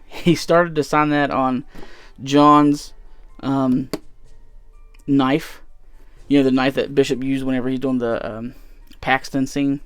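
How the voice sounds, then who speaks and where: A man's voice: mid-range voice, clear, resonant tone, dry recording. Chatty man with a dry close sound. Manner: rambling, chatty, frequent fillers. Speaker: vlogger showing convention haul. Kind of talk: casual chat.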